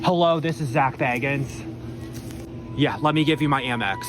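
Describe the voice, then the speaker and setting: A man's voice: mid-range voice, moderate pace, natural voice. A man putting on a dramatic, portentous voice as a self-serious male paranormal TV host, played from a noisy phone video clip. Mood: brisk. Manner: dramatic, portentous narration with cheesy asides.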